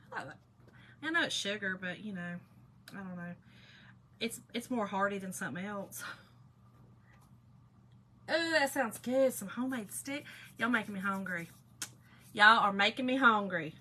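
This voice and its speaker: A woman's voice: medium pitch, lively intonation, moderate pace, pauses often, bright, forceful tone, a little hiss or hum. A middle-aged woman with a Southern Georgia accent, chatting casually with viewers on a craft livestream and greeting them by name. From Kentucky, raised in Georgia.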